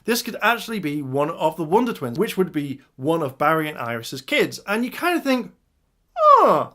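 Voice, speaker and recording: A man's voice: fairly high pitch, big pitch swings, a little fast, a bit bright. A man giving an enthusiastic casual review of TV episodes, retelling scenes and addressing his viewers. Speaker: video reviewer.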